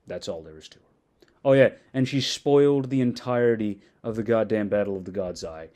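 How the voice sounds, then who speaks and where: Guy going off on a sarcastic rant, swears a lot, warm low-key tone. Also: a little fast. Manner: mocking, exasperated, swears often. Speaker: video commentator. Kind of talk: sarcastic ranting commentary.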